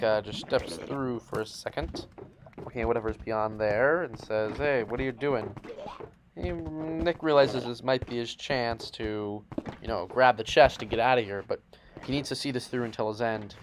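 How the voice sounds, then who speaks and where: A man narrates gameplay as if it were an epic, with teasing asides and a knowing tone. His voice sits at an ordinary pitch. A clear hiss and some clicks run under the home recording. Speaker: narrator of a game series. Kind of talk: playful dramatic narration over gameplay. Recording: noisy home mic with clicks.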